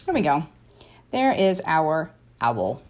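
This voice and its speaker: A woman teaching a relaxed doodling lesson, narrating each pencil stroke in a chatty way. She keeps up a steady stream of encouragement and thinks aloud as she sketches. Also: low-pitched, takes it slowly. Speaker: drawing teacher. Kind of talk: casual drawing tutorial.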